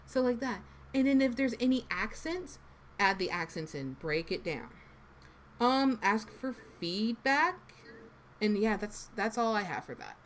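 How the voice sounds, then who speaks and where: A woman's voice: mid-range voice, animated, unhurried, a bit bright, a little hiss or hum. Chatty East Coast woman streamer. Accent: American East Coast. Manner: chatty, meandering, gives advice with many fillers. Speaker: voice actor and stream host. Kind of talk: casual live stream chat.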